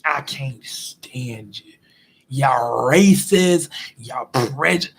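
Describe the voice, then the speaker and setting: A fed-up office worker, as a man puts him on, lays into his manager with a high voice. He drags every word out slowly and swaps the curses for bleeped-style filler. He keeps going insult after insult. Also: close to an everyday voice.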